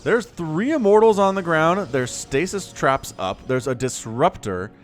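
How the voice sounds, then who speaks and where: A man giving lively solo play-by-play commentary on a strategy game match, quick and playful, with laughs and sound effects. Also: a little high, soft background music. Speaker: game caster.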